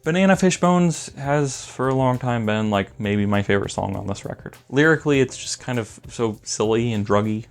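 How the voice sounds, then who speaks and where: A young man with a somewhat low voice rambles through an album review, casual and eager. He piles on filler words as he goes. Faint music plays in the background.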